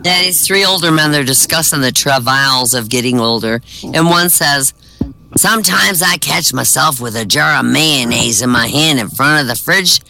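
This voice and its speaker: A man telling a string of old jokes to an online comedy audience, jumping his pitch to act out each character's line. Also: normal speed, gravelly, noisy background. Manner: acts out characters' lines with pitch jumps. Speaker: comedy set performer.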